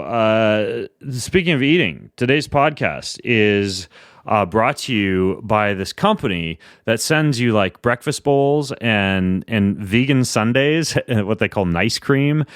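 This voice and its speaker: Deep-voiced man hosting a podcast. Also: dry recording, studio quality. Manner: quirky, joking asides, self-mocking. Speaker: podcast host. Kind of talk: casual podcast intro and ad read.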